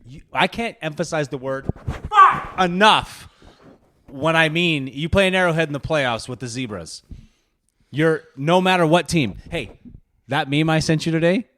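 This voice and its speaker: A man's voice: a little high, moderate pace. A man co-hosting a casual beer podcast, joking and teasing his co-host and laughing often.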